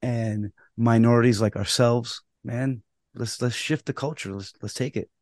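Animated man telling umpire stories. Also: medium pitch, a little slow, dry recording, studio quality. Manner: animated storytelling, acts out both sides of quarrels; swears casually. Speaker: podcast co-host and umpire. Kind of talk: casual podcast chat.

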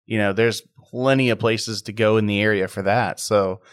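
A man's voice: lowish voice, steady tone, normal speed, clear, resonant tone, dry recording, clean studio sound. A man hosting a podcast interview, chatty and enthusiastic as he talks about marketing. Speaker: podcast host.

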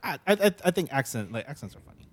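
Husky young man, casual chat, quick one-liners, lively pitch, dry sound. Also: no room sound. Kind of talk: casual chat among friends.

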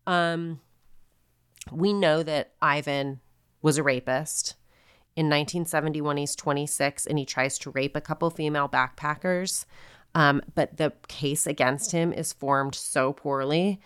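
A woman with a low, smooth voice recounts a crime case in a loose, conversational way, full of fillers and quoted asides. The recording is dry and close, with no room sound. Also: steady tone, a little slow, a bit bright, no echo. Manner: chatty, filler-heavy, quotes people in asides. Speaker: podcast co-host. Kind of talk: casual true-crime storytelling.

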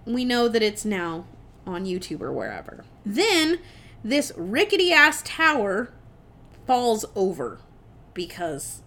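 A young woman casually retelling a movie plot on a podcast, animated and chatty, with lots of fillers and swearing. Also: mid-range voice, takes it slowly. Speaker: podcast co-host. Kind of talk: casual film recap.

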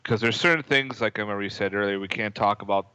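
Male co-host, bright tone, casual film chat, dry but with lingering reverb. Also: lowish voice, fast talker, smooth. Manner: agreeable, laughs, quotes scenes. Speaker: podcast co-host. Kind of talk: casual movie review chat.

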